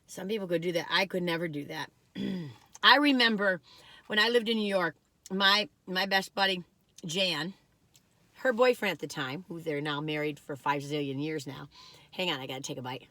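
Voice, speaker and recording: Bright-voiced chatty woman vlogger. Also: fairly low pitch, normal speed, no echo. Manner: chatty and rambling, laughs often, talks while eating. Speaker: vlogger doing a food taste test. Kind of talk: casual chat.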